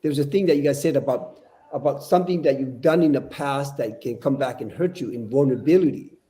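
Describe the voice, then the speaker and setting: Older guy preaching on a podcast, mellow voice, stumbles and repeats himself a lot. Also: medium pitch, brisk. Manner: earnest, preachy, repeats words. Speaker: podcast guest. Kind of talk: casual podcast discussion.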